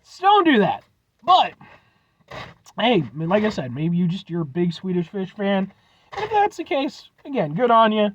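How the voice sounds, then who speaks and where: Man, high voice, rambling jokey vlog talk, casual swearing. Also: wildly swooping pitch, normal speed, fairly bright tone, lo-fi sound, a little hiss or hum. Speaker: food review vlogger.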